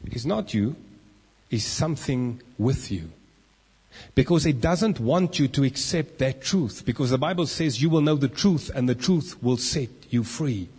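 A man's voice: medium pitch, a little slow, slightly rough. A man preaching a sermon, acting out the inner voices of the people he talks about. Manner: animated, acts out inner voices. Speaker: pastor. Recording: long reverb of a church hall.

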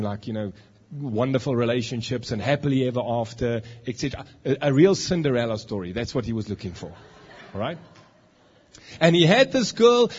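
A man preaching a lively sermon in a church, joking and teasing the congregation as he demonstrates a point. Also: on the high side, lo-fi sound. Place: church hall.

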